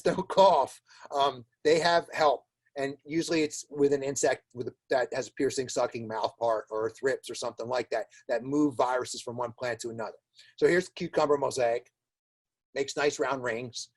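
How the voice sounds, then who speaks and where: Chatty man giving a casual lecture. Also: mid-range voice. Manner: casual and chatty, many fillers and repeated words; wry, laughs at his own jokes. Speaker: webinar presenter on plant diagnostics. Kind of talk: informal lecture.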